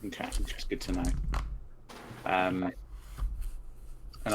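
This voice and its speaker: A man's voice: on the low side, measured pace, slight background noise. A man playing a tabletop game, thinking aloud and muttering as he rolls dice. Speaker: player.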